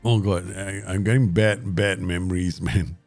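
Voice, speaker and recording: A man hosting his gaming channel, giving live commentary and talking to himself and the viewers in an excitable way. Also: low-pitched, moderate pace, faint music behind. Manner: excitable, talks to himself and the viewers, frequent laughs.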